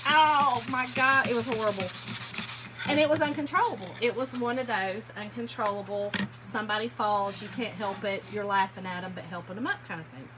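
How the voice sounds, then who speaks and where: Chatty high-voiced woman. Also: a little fast. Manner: chatty, laughing storyteller, addresses viewers as y'all. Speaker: furniture painting livestream host. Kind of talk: casual livestream chat to viewers. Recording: workshop noise, sanding and rubbing.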